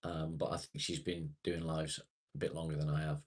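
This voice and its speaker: A bass-voiced, husky British man talks a little fast in a level tone. The English live streamer rambles casually to viewers and swears from time to time.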